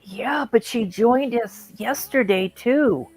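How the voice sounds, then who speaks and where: A woman's voice: fairly high pitch, slow, a little mellow, husky, faint music behind. A woman chatting on a game stream, teasing the host and laughing easily. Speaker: co-player on stream. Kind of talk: casual chat on a game stream.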